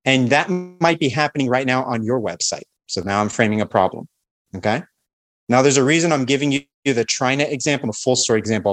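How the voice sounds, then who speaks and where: Guesting on a podcast interview, a self-assured man walks through sales tactics with energy, as if teaching. He speaks in a normal middle pitch and briefly role-plays the calls he talks about.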